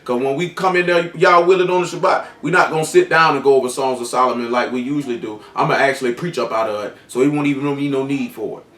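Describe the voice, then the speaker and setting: Echoey, distant preacher, raised voice. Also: male voice, mid-range voice, fast, few pauses, a bit bright. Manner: reads scripture aloud, then explains it in loose colloquial speech. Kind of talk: sermon.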